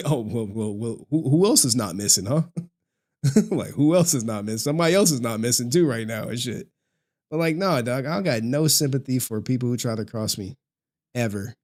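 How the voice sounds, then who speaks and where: A man's voice: medium pitch, lively intonation, moderate pace, a little mellow. A young man ranting on a livestream, profane and mocking, often breaking into laughter. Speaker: streamer. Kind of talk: livestream rant.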